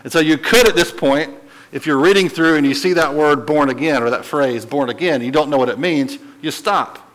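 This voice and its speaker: A man with a slightly high voice teaches a Bible study at a moderate pace, keeping it relaxed and frequently checking in with the group. His delivery is animated, rising in pitch to drive points home, though the audio is poor.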